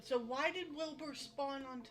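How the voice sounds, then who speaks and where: Playful high-voiced woman co-streaming. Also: normal speed, background noise. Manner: playful, teasing, giggly. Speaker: host's wife, co-streamer. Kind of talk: casual live gameplay chat.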